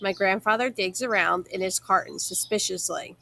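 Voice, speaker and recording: A woman reading a children's novel aloud in a steady narrating manner, with casual asides between chapters. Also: mid-range voice, normal speed, vocal fry, few pauses.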